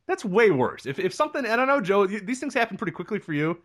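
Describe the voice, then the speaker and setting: A man co-hosting a casual podcast, telling a story with animated delivery and laughing along the way. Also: sits high, quick pace. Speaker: podcast co-host.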